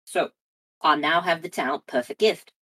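A woman's voice: low-pitched, normal speed, a bit bright, rough recording. A woman playing in a tabletop game, chatting casually and joking around. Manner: playful, joking. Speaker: player.

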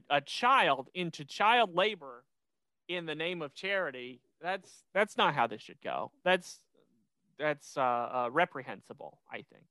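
A young man hosting a podcast, recapping an episode in casual chat with lots of restarts and an animated delivery. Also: a little high, a little slow, clean tone, dry recording. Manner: rambling, many restarts, animated. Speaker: podcast host.

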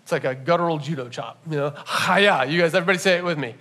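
A man with a somewhat high voice preaches a sermon to his congregation. He teaches in a relaxed, conversational way, animated and playful, often turning to the room with quick asides. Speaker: pastor. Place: church service.

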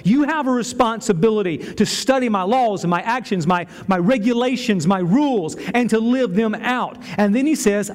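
High-voiced man preaching a sermon. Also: a little mellow. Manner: earnest, emphatic, with slowed stresses; stumbles over a Hebrew word. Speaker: pastor.

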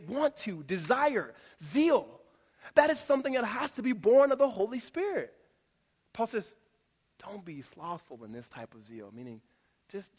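A man preaching a sermon to a congregation, in a conversational, earnest way with rhetorical repetition. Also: high-pitched. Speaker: pastor. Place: church auditorium. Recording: long hall reverb.

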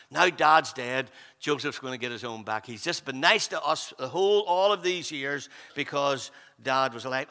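A man's voice: sits high, sharp tone. A man preaching a sermon in a conversational way, often checking in with the congregation. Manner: conversational, often asks 'all right?' to the congregation. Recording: long hall reverb.

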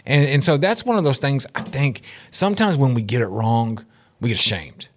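A middle-aged man co-hosting a casual talk show, animated and laughing often as he acts out quotes in shifting voices. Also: mid-range voice, normal speed, a little hiss or hum. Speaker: podcast co-host. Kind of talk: casual chat.

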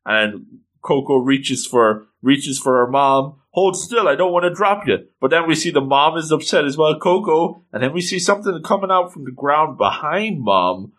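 A man giving casual, excitable commentary as he reads through a comic, with playful exclamations. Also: on the high side, normal speed. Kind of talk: casual read-along commentary.

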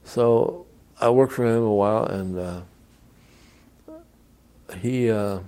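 A man's voice: lowish voice, slow, warm tone, clear, resonant tone. An older man, a veteran, telling rambling anecdotes in an oral history interview and acting out the people he quotes.

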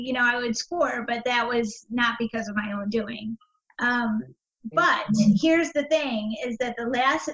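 A woman's voice: fairly high pitch, a bit bright, echoey room, low-quality recording. A woman being interviewed, telling a personal story in a candid, meandering way, full of fillers and restarts. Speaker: interview guest.

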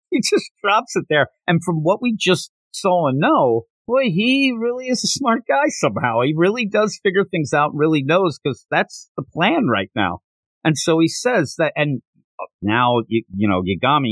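A man's voice: on the high side, moderate pace, no room sound. A man co-hosting a podcast, chatting casually about a manga chapter, laughing often and acting out the characters' lines. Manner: animated, laughs often, acts out quoted lines. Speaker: podcast co-host.

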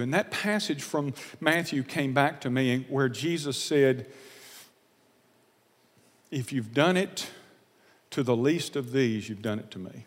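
A man preaching a sermon, telling a personal story in an earnest, confessional way, often halting and repeating words. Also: mid-range voice, long reverb tail.

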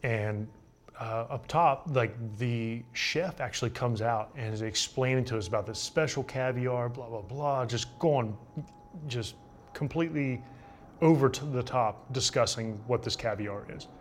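A young man, a baseball pitcher guesting on a show, telling relaxed, joking stories in casual chat. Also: a little slow, slight background noise. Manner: laid-back, joking anecdotes with laughs.

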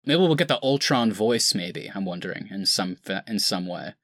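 A man's voice: on the low side, animated, moderate pace, a bit bright, no room sound, studio quality. A man hosting a casual podcast chat, talking loosely with many "kind of" fillers. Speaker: podcast host.

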